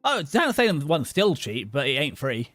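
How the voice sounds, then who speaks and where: A young British man hosting a livestream, rambling and joking excitably with many restarts. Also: fairly high pitch, normal speed, no echo. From Britain. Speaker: VTuber streamer host. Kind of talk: casual livestream chat.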